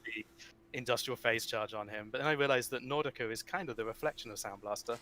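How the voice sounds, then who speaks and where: A man in casual conversation about a trading card game, voice pitched in the middle range. He rambles and restarts often, breaking into lively asides. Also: fast talker. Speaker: guest, card game writer.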